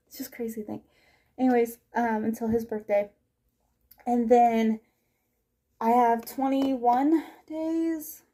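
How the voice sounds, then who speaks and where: Recorded indoors in her kitchen, a young vlogger with a slightly mellow voice on the high side talks casually through her chores. She's breathless and scatterbrained, rambling and cutting herself off.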